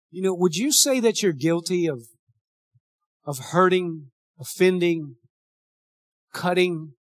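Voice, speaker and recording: A man's voice: a little high, a bit bright, no room sound, studio quality. A male pastor preaching a sermon and leading a prayer, earnest and pleading, often repeating his words.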